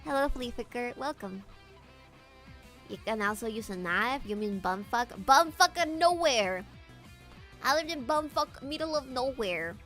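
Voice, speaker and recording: Animated, bubbly woman streamer. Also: on the high side, measured pace, soft background music. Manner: animated, laughs often, swears casually. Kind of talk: casual livestream chat.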